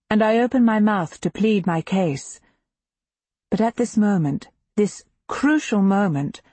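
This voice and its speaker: A woman narrating a historical novel in the first person, in a measured, intimate and emotionally expressive reading. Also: medium pitch, slightly rough, no echo. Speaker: audiobook narrator.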